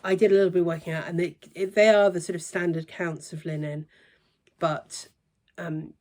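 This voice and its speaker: Chatty woman with low-pitched voice. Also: fairly even intonation, normal speed. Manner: chatty, hesitant with many ums, softens to near-whisper asides. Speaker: cross stitch vlogger. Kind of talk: casual show-and-tell review.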